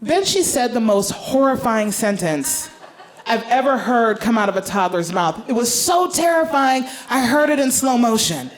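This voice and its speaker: A woman's voice: on the high side, expressive, normal speed. A woman comedian telling stand-up stories in a playful, exaggerated way.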